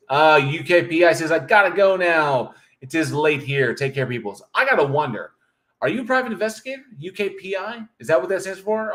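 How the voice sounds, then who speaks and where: A man's voice: medium pitch, a bit bright. A man hosting a livestream in casual chat, reading viewer comments aloud and joking with a loose, profane manner. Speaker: livestream host.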